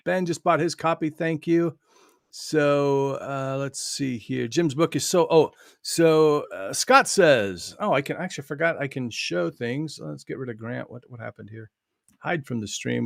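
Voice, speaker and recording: A man hosting an online live stream, chatting loosely with guests, laughing often and filling pauses. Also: medium pitch, gravelly, no echo. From United States. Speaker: host and author. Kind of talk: casual live stream chat.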